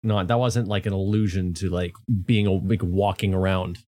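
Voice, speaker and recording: A man's voice: low-pitched, steady tone, moderate pace, a little mellow. A man chatting casually as a co-host, thinking aloud and hedging his words. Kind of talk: casual chat.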